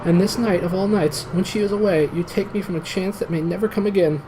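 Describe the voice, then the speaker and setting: A man voicing a tormented, enchanted knight who begs desperately to be set free, his voice strained and high. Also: fairly even intonation, fast talker, background noise, lightly acted. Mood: desperate pleading. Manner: high strained pleading, rising to shrieks. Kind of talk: storybook reading.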